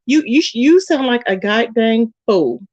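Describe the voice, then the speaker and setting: A woman's voice: a little high, expressive, a little slow, a little mellow, no room sound. Blunt scolding woman, lo-fi audio. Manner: blunt, scolding, repeats herself. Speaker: commentary channel host. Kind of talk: ranting commentary. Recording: dull lo-fi audio.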